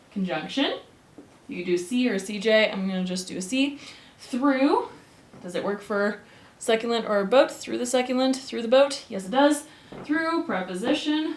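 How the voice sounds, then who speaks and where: Playful woman teacher, echoey room. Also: medium pitch. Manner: chatty, playful asides to students. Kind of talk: casual grammar lesson.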